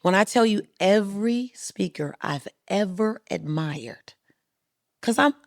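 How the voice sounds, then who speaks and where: Gravelly, animated woman telling a story. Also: mid-range voice, unhurried, dry recording, clean studio sound. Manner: animated, acts out quoted voices. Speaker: guest speaker. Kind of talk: storytelling in a podcast interview.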